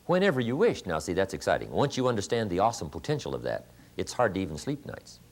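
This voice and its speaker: A man's voice: low-pitched, huge pitch swings, fast talker. A man giving a motivational seminar talk, telling stories with emphatic, punchy repeated lines. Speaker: motivational speaker.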